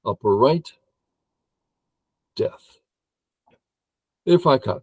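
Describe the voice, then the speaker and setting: An older man who teaches Go plays a game and talks his moves through aloud. He hums and counts under his breath and gets excited. His voice is low, gravelly and husky, his speech slow, and the sound is dry and close. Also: dry recording, poor audio. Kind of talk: thinking aloud while playing.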